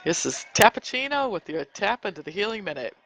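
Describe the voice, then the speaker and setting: A man's voice: sits high, big pitch swings, a little fast, vocal fry, a bit bright, faint music behind. A man presenting a scripted healing tips segment on a gaming podcast, reading in a friendly way with small hesitations. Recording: dull lo-fi recording.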